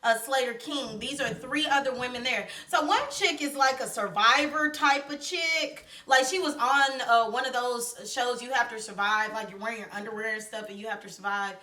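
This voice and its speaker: A woman film reviewer recapping a movie plot in a chatty, animated way, full of slang and asides. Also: fairly high pitch, moderate pace, hardly any pauses, recorded from a distance. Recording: echoey room, voice set back from mic.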